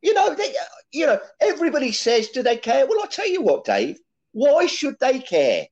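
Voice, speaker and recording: A man's voice: extremely high pitch, huge pitch swings, moderate pace, darkish tone. A man talking as a football fan panelist, rambling with lots of "you know, look" fillers. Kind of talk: fan chat. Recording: dull lo-fi audio.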